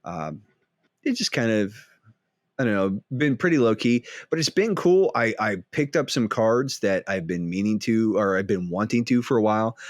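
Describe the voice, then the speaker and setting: Laid-back low-voiced young man. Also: lively intonation, moderate pace, no echo, clean studio sound. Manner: laid-back, many "like" and "um" fillers, gamer slang. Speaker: podcast co-host. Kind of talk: casual podcast chat.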